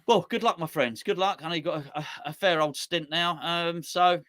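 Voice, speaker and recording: Bright, fairly high-voiced man bantering. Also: moderate pace, no echo. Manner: chatty, laughing banter. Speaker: co-host. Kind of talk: casual chat.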